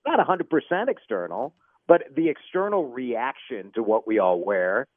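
Animated man on a tinny line. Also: medium pitch, dry recording. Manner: animated, opinionated, quick to joke. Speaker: TV news anchor, guest. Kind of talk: casual radio chat.

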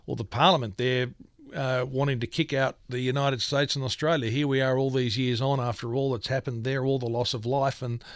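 A male radio host chatting briskly through the news and handing over to a correspondent. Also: medium pitch, fairly even intonation, no echo, clean studio sound.

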